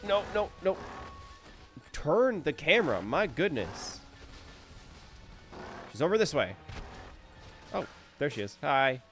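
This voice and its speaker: Animated young man streaming a game. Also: fairly high pitch, takes it slowly, long pauses, soft background music. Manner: excitable, jokey, playfully boastful. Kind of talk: live gameplay commentary.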